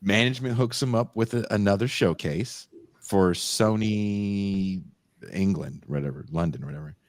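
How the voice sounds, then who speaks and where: Low-voiced man telling a rambling story. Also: normal speed, dry recording, studio quality. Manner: profane, rambling, animated storyteller. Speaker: podcast host. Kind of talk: casual storytelling chat.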